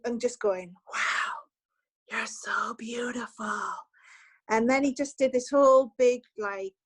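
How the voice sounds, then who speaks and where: A journalist appearing as a podcast guest tells an anecdote in casual conversation, lively and acting out what people said. Her voice is a little high, and the recording is dry and low in quality.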